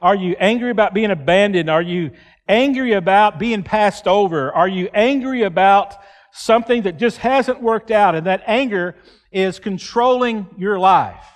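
A man's voice: high voice, moderate pace. A man, preaching an earnest sermon in church and acting out quoted pleas. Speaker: pastor.

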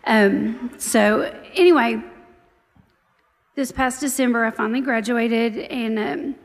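A woman in her forties, her voice a little high and slow with a long reverb tail, gives a personal testimony to her church. She tells it in a chatty, storytelling way, warmly grateful throughout.

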